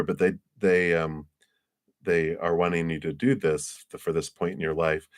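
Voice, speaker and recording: A man giving live tarot readings, chatty and animated, who acts out little scenes in high voices and often laughs. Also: measured pace. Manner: frequent laughs and fillers. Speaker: tarot reader.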